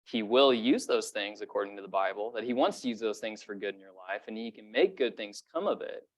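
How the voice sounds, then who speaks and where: A man's voice: on the low side, brisk. A young adult man preaching a sermon in a casual, conversational way, full of fillers and rising when he stresses a point. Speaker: pastor.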